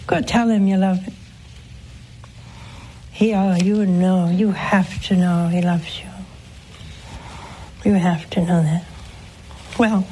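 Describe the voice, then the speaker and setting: A nun hosting a call-in show, preaching and answering callers in a slow, earnest way, swooping up in pitch for emphasis. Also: female voice, dark tone, slight background noise, low-quality recording.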